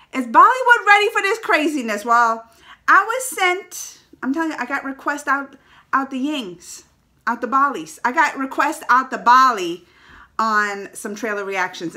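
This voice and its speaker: High, bright-voiced excitable woman. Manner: loud, exclaiming, talks straight to viewers. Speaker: reaction video host. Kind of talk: excited trailer reaction.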